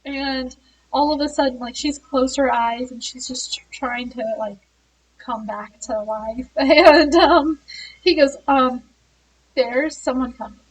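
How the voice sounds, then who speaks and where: High-voiced woman casually retelling a story. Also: slow, distant mic, poor audio. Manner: chatty, laughs often, many fillers. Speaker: book reviewer.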